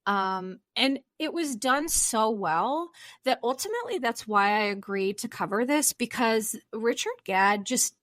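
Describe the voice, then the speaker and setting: A woman's voice: a little high, lively intonation, unhurried, a bit bright, no echo, studio quality. A young woman therapist hosting her own podcast, talking earnestly and rambling a little, with self-deprecating asides. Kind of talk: solo podcast talk.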